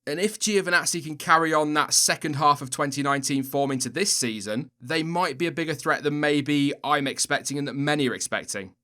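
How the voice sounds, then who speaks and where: Young male host, fairly high bright voice, casual opinionated solo commentary. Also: fairly quick, few pauses. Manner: chatty, opinionated, self-deprecating asides. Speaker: F1 video host.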